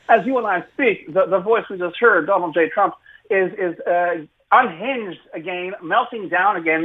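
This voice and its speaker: A man with a Canadian accent gives political commentary on the radio. His voice sits a bit high, and his delivery is sardonic and loose, with plenty of fillers and restarts. He comes through a narrow, phone-like line. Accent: Canadian English.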